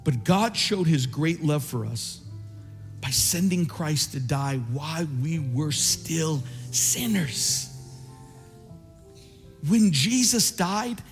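High-voiced passionate male pastor preaching. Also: takes it slowly, in a large hall, faint music behind. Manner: passionate, repetitive, swings from soft pleading to shouting. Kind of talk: sermon with altar call. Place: large church.

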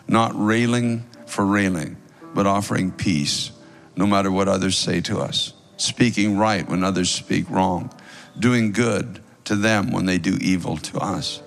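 A very low, gravelly male voice leading a heartfelt altar prayer. He pleads and exhorts in a steady preacher's cadence, while soft music plays faintly underneath. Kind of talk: sermon prayer over music.

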